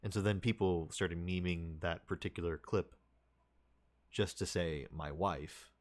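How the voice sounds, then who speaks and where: Low-voiced rambling man. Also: fairly even intonation, unhurried. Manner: rambling, restarts sentences often. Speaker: streamer. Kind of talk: casual chat with viewers.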